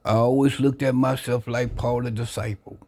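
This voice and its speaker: A man earnestly sharing his life story into a phone camera, reflective and unhurried. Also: mid-range voice, level tone, gravelly, a little mellow. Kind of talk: personal testimony, casual talk.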